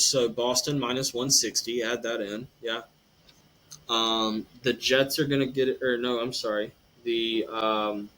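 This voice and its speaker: A man's voice: medium pitch, a bit bright, slight background noise, low-quality recording. A man hosting a casual sports podcast, rambling through betting picks with lots of ums and a habit of tagging "eh" onto his sentences. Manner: rambling, filler-heavy, says "eh".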